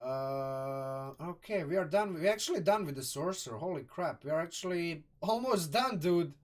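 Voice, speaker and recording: Croatian man, casual stream host, excitable rambler who swears, slightly high voice. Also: normal speed, far from the mic. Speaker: live streamer reviewing a game sourcebook. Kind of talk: casual live-stream commentary.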